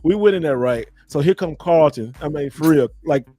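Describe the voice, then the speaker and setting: A man's voice: a little high, normal speed. A man hosting a casual podcast chat, telling stories animatedly and acting out quotes. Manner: animated storyteller, acts out quotes. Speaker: podcast host.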